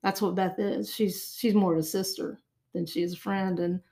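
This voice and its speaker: A woman's voice: mid-range voice, steady tone, moderate pace, warm tone. An older woman guest talking in a chatty way, often repeating words as she thinks. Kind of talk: interview conversation.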